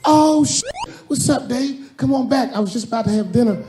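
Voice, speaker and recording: A man impersonating an excitable, brash male comedian star in a stand-up routine. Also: very high voice, brisk, voice pushed up. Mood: excited.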